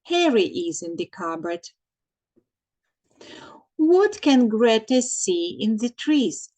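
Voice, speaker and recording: Slow-paced woman teacher. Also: a little high, sing-song, a little mellow, rough recording. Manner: slow and repetitive, dictating answers, translating into Ukrainian. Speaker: English teacher. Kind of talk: recorded English lesson for children.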